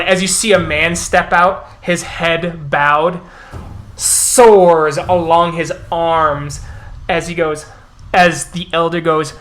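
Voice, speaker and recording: Unhurried male tabletop storyteller. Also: on the high side, steady tone, a bit bright. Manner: descriptive, unhurried narration. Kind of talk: narrating a tabletop game.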